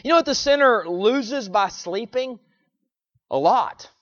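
A man preaching a sermon, repeating phrases and swinging between loud pleading cries and low, quiet lines. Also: expressive, measured pace, no room sound, highs cut off.

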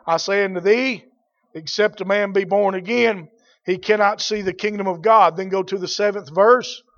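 A man preaching a sermon, swinging from loud shouts to quiet, drawn-out emphatic words. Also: sits high, dull audio.

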